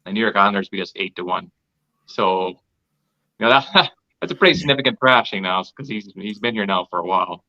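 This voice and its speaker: A man with a bright, forceful voice talks like an opinionated fan on a casual sports podcast. His mic sounds dull and lo-fi. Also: lowish voice, animated, brisk. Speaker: podcast co-host.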